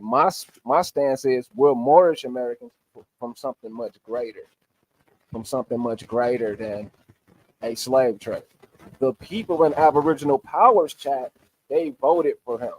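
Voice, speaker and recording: A man's voice: mid-range voice, darkish tone. A man recapping an online debate on a livestream, emphatic and argumentative while he walks through sources on screen.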